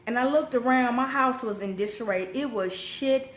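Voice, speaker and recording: A young adult woman telling a personal story in a casual vlog, blunt and profane, with sudden animated rises when she gets heated. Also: fairly high pitch, moderate pace. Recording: echoey room with faint background noise.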